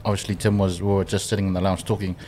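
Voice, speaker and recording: A man's voice: deep voice, flat delivery, rapid-fire, darkish tone, a little hiss or hum. Casual rambling New man. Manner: rambling storyteller with many fillers. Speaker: podcast co-host. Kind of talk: casual storytelling chat.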